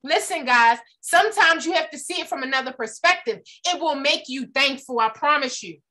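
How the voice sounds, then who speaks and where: A woman giving a motivational talk, telling stories with lively, preacher-like delivery and acted-out quotes. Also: sits high, fairly quick. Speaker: speaker.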